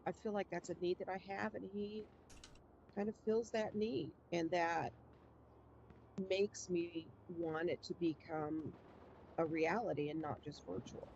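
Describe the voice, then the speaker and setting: A woman answers interview questions in a halting, hesitant way, trailing off and restarting. The audio is dull and muffled, with a faint hiss. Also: on the low side, steady tone, gravelly, a little mellow. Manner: hesitant, halting, searching for words. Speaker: scam victim interviewee. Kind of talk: documentary interview.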